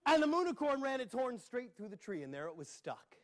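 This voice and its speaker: Very high-pitched with big swings in pitch, a man speaks fairly quickly as he entertains children at a public library. His live tale is playful and peppered with sound effects and asides.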